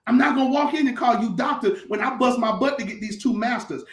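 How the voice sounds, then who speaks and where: High-voiced pastor in a roomy space. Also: male voice, fast talker. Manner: emphatic, repetitive, colloquial storytelling. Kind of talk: conversational talk-show teaching.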